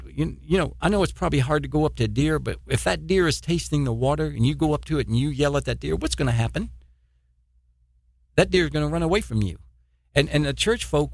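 A man's voice: a little high, creaky, dry recording, studio quality. A man preaching an informal sermon in an earnest, repetitive way, often adding "you know" and chuckling.

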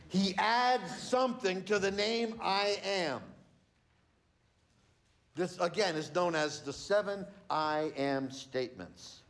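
A male pastor preaching a sermon to his church, teaching in an emphatic way and stressing key words. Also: sits high.

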